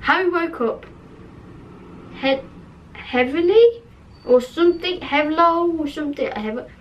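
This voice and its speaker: A high-voiced young woman chats in a slow, unhurried way, giggling at herself as she reads. She sits a little back from the mic, so her voice sounds distant. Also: muffled recording. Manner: giggly, self-mocking, laughs often at her spelling. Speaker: channel host reading an old dream book. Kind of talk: casual chat reading aloud.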